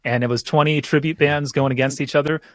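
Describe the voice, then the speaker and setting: A man chatting casually as a podcast guest, telling animated stories and swearing freely. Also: a little high, quick pace, dry recording, studio quality. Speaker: guest bass teacher.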